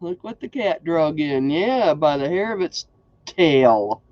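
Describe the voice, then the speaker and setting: A man's voice: a little high, animated, takes it slowly, no echo, highs cut off. A man hosting a casual crafting livestream, chatty and folksy, greeting viewers by name.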